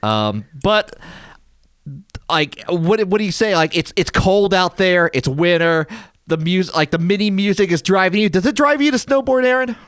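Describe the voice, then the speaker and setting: A man's voice: high voice, expressive, moderate pace, fairly bright tone, clean tone, dry recording, studio quality. A man hosting a casual podcast, rambling and stumbling over words. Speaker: podcast host.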